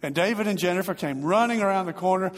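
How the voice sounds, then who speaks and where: A man delivering a sermon as a pastor, telling a story earnestly and growing softer toward the end. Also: sits high, fast, big-room sound.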